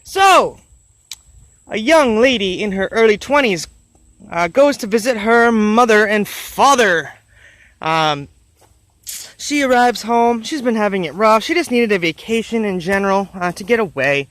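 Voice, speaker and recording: A man's voice: high voice, animated, measured pace, fairly bright tone, no room sound. A man telling a motivational story on a vlog, rambling and earnest, with lots of fillers along the way. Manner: earnest, encouraging. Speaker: motivational vlogger.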